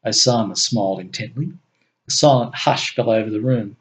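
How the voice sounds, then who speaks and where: A man reading his own story aloud in an unhurried, plain way, with the occasional restart. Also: fairly low pitch. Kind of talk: amateur story narration.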